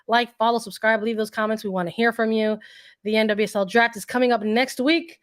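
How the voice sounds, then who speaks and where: A woman co-hosting a casual sports podcast, hoarse and losing her voice, who often clears her throat and repeats words while she thinks. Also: on the high side, steady tone, fairly quick. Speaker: podcast co-host.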